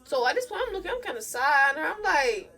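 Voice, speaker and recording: A young woman, chatting casually as a vlogger telling a storytime, animated and sassy, swinging between loud outbursts and low mumbles. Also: a little fast, faint music behind.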